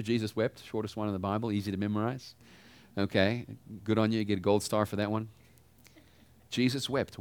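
A male pastor preaches conversationally, putting rhetorical questions to his congregation. His voice is fairly low, and the recording is dry.

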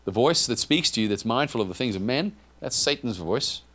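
A man preaching a sermon in a conversational, animated way, with asides to the congregation and frequent restarts. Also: medium pitch, fairly quick.

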